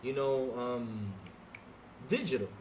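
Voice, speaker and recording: A young adult man hosting a live podcast stream, talking straight to his chat in an animated, repetitive way. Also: mid-range voice, slow, slight background noise. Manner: animated, talks straight to chat, repeats himself. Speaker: podcast host.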